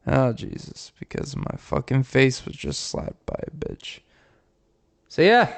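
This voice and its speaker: A man hosting a podcast who tells comic scenarios in a rambling, profane way, with pauses and "um"s. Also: mid-range voice, expressive, creaky. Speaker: podcast host. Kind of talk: comic storytelling.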